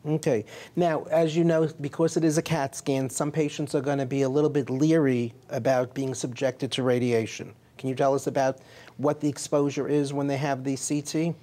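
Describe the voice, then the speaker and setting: A man's voice: mid-range voice, little pitch movement, moderate pace, warm tone. A man, a physician hosting a health interview, asking leading questions and summarizing. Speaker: physician host. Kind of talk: medical interview.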